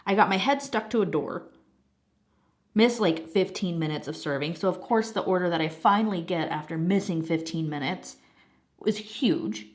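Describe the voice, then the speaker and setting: A young adult woman chatting casually while she works on a craft, telling a story in an animated way with laughs and the odd swear, a little snuffly from a cold. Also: lowish voice, moderate pace. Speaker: craft channel host. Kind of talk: casual chat while diamond painting.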